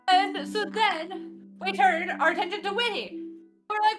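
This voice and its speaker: A woman's voice: extremely high pitch, takes it slowly, over music. A woman recapping a tabletop game session in a casual, giggly way, laughing often and swearing freely. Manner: giggly, breathless storytelling, frequent swearing.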